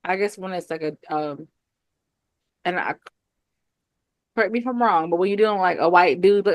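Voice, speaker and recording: A woman in her thirties with a Southern US accent, talking in a relaxed chat. She laughs easily and acts out other people's lines as she tells a story. Her voice sounds close and dry, with no room around it. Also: lowish voice, normal speed, long pauses, no echo. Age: 30s. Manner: laughing, animated storytelling with acted quotes. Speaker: co-host. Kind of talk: casual chat.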